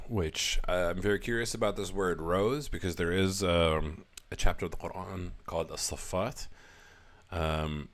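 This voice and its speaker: A man's voice: sits low, steady tone, moderate pace. A man giving casual verse-by-verse scripture commentary, thinking aloud with light self-deprecating humor. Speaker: religious commentator.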